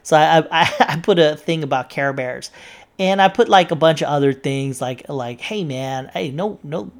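A woman with a low voice tells a story straight to camera in a loose, rambling way. She swears often and trips over her words, stacking up fillers and restarts as she talks. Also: moderate pace. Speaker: social media poster recounting an argument. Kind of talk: casual storytelling monologue.

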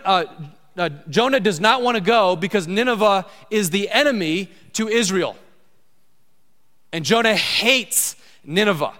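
A middle-aged man delivers a sermon with a higher-than-usual pitch. He sounds conversational and asks the listeners questions as he goes. His voice carries a long reverb, as in a large hall. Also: a bit bright. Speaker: pastor.

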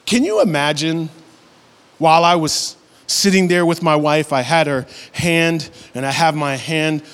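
A man with a notably high voice preaches a sermon, climbing into high, animated passages as he makes his points. His voice carries a long hall reverb around it. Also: unhurried, clear, resonant tone. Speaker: pastor.

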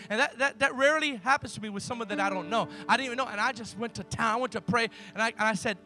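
High, bright-voiced male preacher. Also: fast, few pauses, soft background music. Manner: emphatic storytelling, swinging from loud to hushed. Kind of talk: sermon.

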